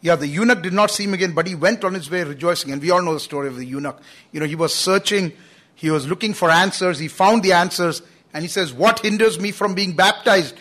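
High-voiced man preaching earnestly. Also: fast, a bit bright. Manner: earnest, emphatic preaching with frequent "you know". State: coughing at times. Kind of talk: sermon.

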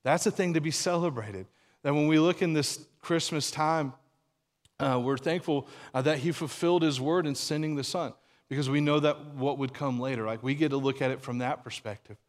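A man's voice: a little high, normal speed, in a large hall. A man preaching a sermon in a conversational way, repeating words as he restarts and laughing now and then. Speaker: pastor.

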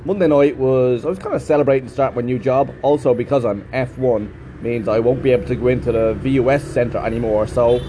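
A man's voice: mid-range voice, a little fast, background noise. Rambling, swearing man. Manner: rambling, chatty, swears freely. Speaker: English teacher. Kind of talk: casual vlog monologue.

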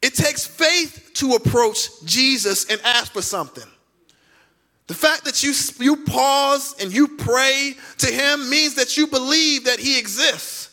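A high-voiced man preaches a sermon from the pulpit of a church. His tone is bright and ringing. He puts questions straight to the congregation and stretches key words out for emphasis. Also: faint music behind. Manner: preaching with dramatic pauses and emphatic drawn-out words; conversational, asks the congregation direct questions. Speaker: pastor. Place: church sanctuary.

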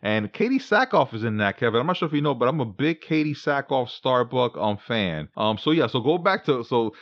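A man's voice: medium pitch, sing-song, a little fast, highs cut off, a little hiss or hum. A man co-hosting a casual podcast chat, rambling through film news and laughing at his own slips. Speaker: podcast co-host.

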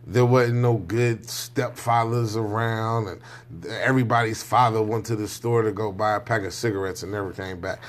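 A man's voice: fairly low pitch, steady tone, normal speed. A man talking in a loose, rambling monologue, frank and profane, often checking in with his listener. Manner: loose, rambling, often asks "you know what I'm saying"; frank and profane, with slangy speech. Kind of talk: casual monologue.

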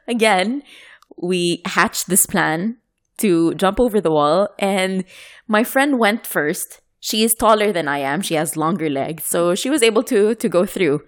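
A woman from the United Arab Emirates telling a story in a casual chat, animated and laughing often. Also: mid-range voice, measured pace.

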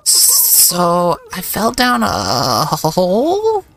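A man voicing an eager, excitable young male dog hero, reading game dialogue aloud. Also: sits high, extremely slow, faint music behind, pitched above the performer's own voice, full character voice. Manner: earnest, excitable.

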